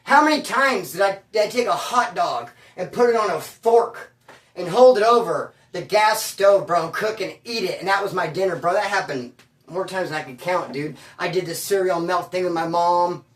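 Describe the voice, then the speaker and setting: A man's voice: high voice, normal speed, a bit bright, distant mic. Man, ex-con storyteller, streetwise and slangy, recorded a bit off-mic in an echoey room. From California. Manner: slangy, streetwise, peppers talk with bro and dude. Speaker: former prisoner telling stories. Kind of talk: casual storytelling monologue.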